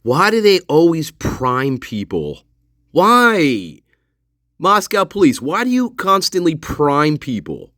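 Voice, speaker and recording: A man's voice: on the high side, wildly swooping pitch, slow pace, sharp tone, dry recording, clean studio sound. A man commenting on interview footage in an angry, sarcastic, profane rant.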